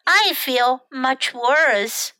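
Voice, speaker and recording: A woman's voice: sits high, animated, extremely slow, pushed and bright, clear, resonant tone, no echo, exaggerated voice. A woman voicing a sulky young male fox schoolboy in a children's storybook reading, drawn out and complaining.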